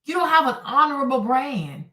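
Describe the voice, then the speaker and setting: A woman hosting a livestream and commenting on clips in a blunt, exclamatory manner. Her pitch swings widely and stays fairly high. The sound is echoey, as if picked up from across a room. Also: big pitch swings, fairly quick, sharp tone. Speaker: host. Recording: roomy and distant from the mic.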